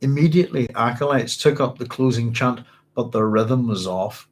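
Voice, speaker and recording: A man's voice: medium pitch, moderate pace, low-quality recording. A man hosting a book club at home, reading a novel aloud and musing over it in a rambling, self-correcting way.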